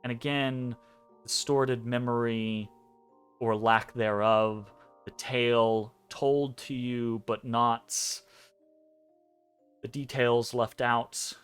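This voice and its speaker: A man narrating a dream scene as game master of a tabletop game, measured and hesitant, pausing between phrases. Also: mid-range voice, fairly even intonation, clear, resonant tone. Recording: soft music behind.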